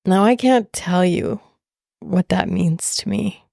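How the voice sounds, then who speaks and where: A woman podcast host telling a personal story in a slow, heartfelt, soft-spoken way. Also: lowish voice, creaky, dry recording, studio quality.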